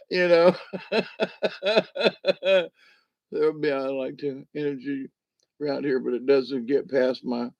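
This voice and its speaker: Easygoing, chuckling male stream host, a little high, fairly high voice. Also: fairly even intonation, drawn-out words, pauses often. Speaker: livestream host. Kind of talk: casual late-night chat with viewers.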